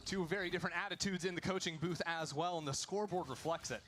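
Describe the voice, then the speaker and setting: A man calling an esports match play-by-play, with quick, lively calls of the action. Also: high voice. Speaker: esports caster. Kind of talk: play-by-play commentary.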